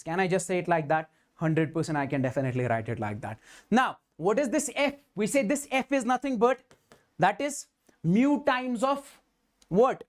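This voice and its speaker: A man teaches physics in a live online exam-prep class, his voice high and very animated at normal speed. He poses rhetorical questions, voices the students' answers back to himself, and keeps repeating emphatic affirmations.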